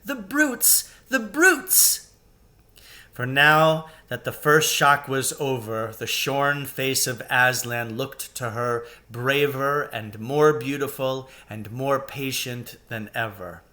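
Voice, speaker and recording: A man, a teacher, reading a children's novel aloud with slow, deliberate storytelling. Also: mid-range voice, bright, forceful tone.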